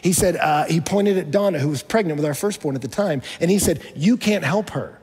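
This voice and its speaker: A man's voice: fairly high pitch, fast, darkish tone, husky, big-room sound. A man preaching a sermon as a pastor, telling a story in a conversational way with touches of humor.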